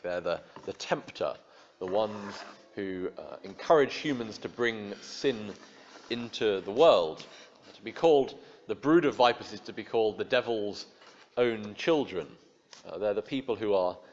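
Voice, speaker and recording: Low-voiced man preaching informally. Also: lo-fi sound, a little hiss or hum. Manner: informal, wry, frequent fillers and restarts. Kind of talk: conversational sermon.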